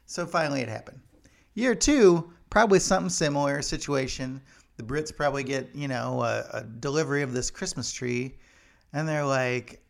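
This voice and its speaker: A man's voice: mid-range voice, normal speed, creaky. A man telling a rambling, joking story in a casual vlog monologue. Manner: rambling, joking, many fillers. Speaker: vlogger.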